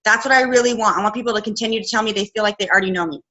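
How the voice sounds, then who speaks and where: A woman's voice: mid-range voice, very fast, bright, forceful tone, poor audio. A woman coach in her thirties giving a casual talk on a video call, chatty and full of fillers. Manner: chatty, filler-heavy, quoting herself. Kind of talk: casual live training talk.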